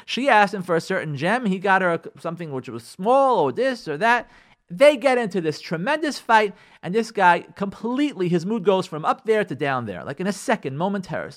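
A man hosting a radio show, spinning a story with plenty of restarts and asides. His voice sits high and swings widely as he takes on each character's lines, so the telling feels lively and animated. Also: a little fast. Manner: animated, acts out quoted dialogue in the stories; rambling, with frequent fillers and restarts.

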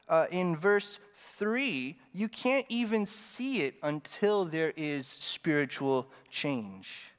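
A man preaching a sermon in a relaxed, conversational way, with joking asides to the congregation. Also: sits high, in a large hall.

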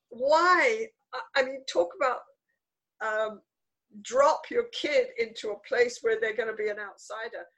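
An older Englishwoman, a guest author, tells stories in a conversational interview with an animated, emphatic manner, repeating words for stress. Her voice is on the high side, and the recording quality is low.

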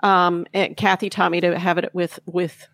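A woman co-hosting a podcast in casual chat, unhurried and searching for words, laughing often. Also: on the low side, level tone, creaky, a bit bright. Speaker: podcast co-host.

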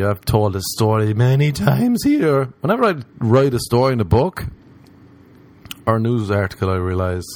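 A young man hosting a podcast, a stand-up comedian rambling through a profane, jokey monologue. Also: fairly low pitch. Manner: rambling, profane, jokey, with swings into mock voices.

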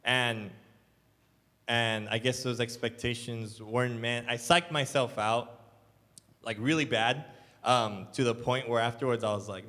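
A man's voice: medium pitch, fairly even intonation, measured pace, bright, forceful tone. A young adult man, a church elder, preaching a sermon in a loose, casual storytelling way full of "like"s. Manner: casual, filler-heavy storytelling with many "like"s. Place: church hall. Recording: long hall reverb.

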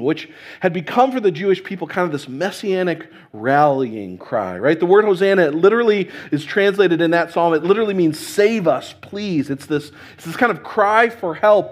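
A man preaching a sermon in a conversational way, often restarting phrases and checking in with "right?". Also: high voice. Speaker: pastor.

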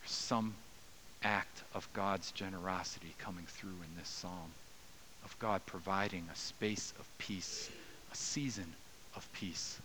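A man preaching a sermon as a pastor, earnest and dynamic, rising to raised cries and dropping to soft, slow passages. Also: deep voice, fairly even intonation, slight background noise, poor audio.

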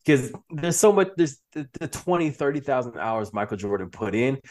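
A man's voice: medium pitch, moderate pace. A man as an interview guest, speaking casually with frequent laughs and restarts, acting out quoted lines. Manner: animated, laughs often, many restarts; acts out quoted speech. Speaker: podcast guest.

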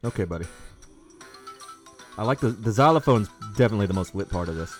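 A man hosting a casual comedy chat show, loud, rambling and mock-grumpy. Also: fairly low pitch, animated, fast talker, faint music behind. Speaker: podcast host.

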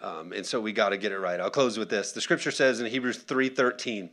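This pastor, in his thirties, preaches briskly in a somewhat low voice, animated and conversational throughout. He brings quotes to life by acting them out and draws responses from the congregation.

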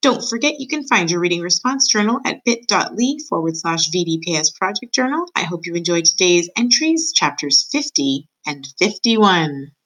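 A woman's voice: on the low side, animated, moderate pace, hardly any pauses, a bit bright, rough recording. A woman reading a children's novel aloud, telling it expressively and voicing the characters herself. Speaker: reader.

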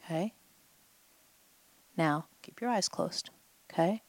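A woman with a fairly low voice leads a guided healing exercise before a group at a live event. She coaxes and prompts, repeating short phrases for her listener to echo back. The sound is close and dry, with little room around it. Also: slow. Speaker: healing coach.

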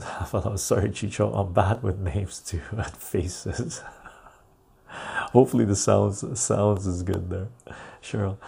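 A man's voice: fairly low pitch, creaky, a little mellow, slightly rough. A man hosting a casual live stream, rambling as he reads viewer comments aloud and answers them. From Canada.

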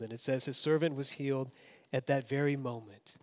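A man preaching a sermon as pastor, swinging between emphatic raised passages and hushed, low asides. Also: steady tone, fairly quick.

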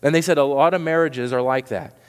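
A man's voice: a little high, fairly quick, clear, resonant tone. Earnest male pastor in a reverberant hall. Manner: earnest, repeats words when pressing a point. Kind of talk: sermon.

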